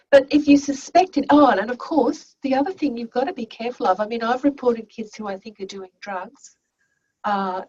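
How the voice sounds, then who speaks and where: A woman's voice: high voice, a little mellow. A woman teaching an online class, telling classroom stories in a chatty way full of restarts, heard over a video call. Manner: anecdotal, conversational, with many restarts. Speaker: teacher educator. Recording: muffled, distant video call audio.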